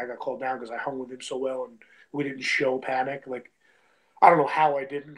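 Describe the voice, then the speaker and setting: A man's voice: mid-range voice, rough recording. A young man telling a story in a loose, chatty way, peppering it with "like", "bro" and "you know what I mean". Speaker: guest, independent wrestler. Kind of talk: casual storytelling.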